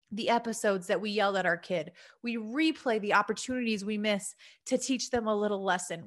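A mom podcaster in her thirties, with a fairly high and slightly bright voice, talks to her listeners. It's a casual, heartfelt monologue, earnest and chatty, packed with filler words.

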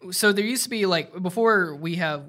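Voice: medium pitch, moderate pace, a bit bright. Hesitant podcast co-host, stumbles over words, leans on fillers. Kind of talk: casual chat.

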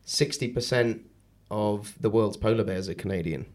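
Chill guy on a podcast, easygoing banter, plain even voice. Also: fairly low pitch, moderate pace. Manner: laid-back, joking, reads off a list. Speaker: podcast host. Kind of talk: casual chat.

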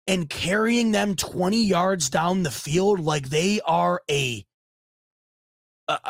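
Male podcast host, high voice, excitable fan energy, stumbles over words, dry booth sound. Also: gravelly, no room sound. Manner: animated, stammering restarts, fired-up fan. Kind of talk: excited sports recap monologue.

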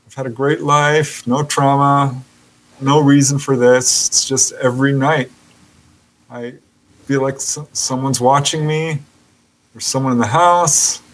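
A man's voice: mid-range voice, steady tone, a little slow, lightly acted, low-quality recording. A man voicing a young man with insomnia who distrusts hypnosis. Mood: wary. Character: wary young man who cannot sleep.

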